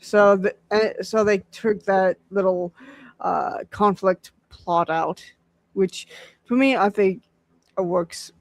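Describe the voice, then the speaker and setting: Podcast host, man, unhurried and halting, dry close sound. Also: high-pitched, no echo. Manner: halting, many fillers and restarts. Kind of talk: casual chat.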